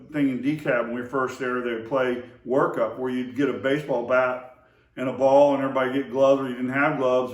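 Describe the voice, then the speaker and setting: A man recalling old times in a casual, rambling way, full of fillers and restarts. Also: mid-range voice. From Oklahoma to Texas area. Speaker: storyteller remembering his brother. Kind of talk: casual spoken memories. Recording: roomy echo, voice far from the mic.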